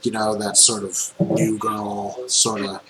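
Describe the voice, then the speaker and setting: A man running a tabletop game as game master, describing scenes in unhurried narration with frequent ums. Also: lowish voice, little pitch movement. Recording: echoey room with faint noise.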